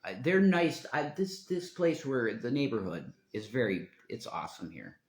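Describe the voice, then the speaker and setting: A man's voice: mid-range voice, sing-song, moderate pace. A man talking on his own live stream in a meandering, profane monologue, often trailing off mid-sentence. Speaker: livestreamer. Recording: roomy echo.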